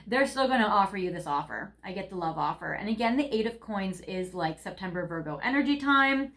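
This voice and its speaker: A woman's voice: mid-range voice, expressive, fairly quick, hardly any pauses, fairly bright tone. A woman giving a casual tarot card reading, chatty and rambling, with lots of fillers. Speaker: tarot reader.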